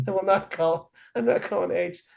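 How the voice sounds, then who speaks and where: As an interview guest, a middle-aged man tells his own recovery story candidly and with self-deprecating humor. His voice sits high with vocal fry at a moderate pace, and the audio's highs are cut off.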